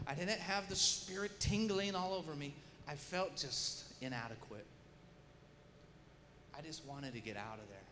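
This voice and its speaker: A man preaching a sermon as a story, animated, dropping to quiet asides and rising to loud shouted prayer. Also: a little high, normal speed, background noise. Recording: long hall reverb, faint ambience.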